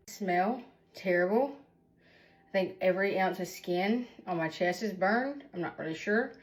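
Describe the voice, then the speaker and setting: A woman's voice: medium pitch, unhurried, pauses often. A woman vlogging casually while shaken and in shock, talking in a rambling way with nervous laughs. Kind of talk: casual vlog.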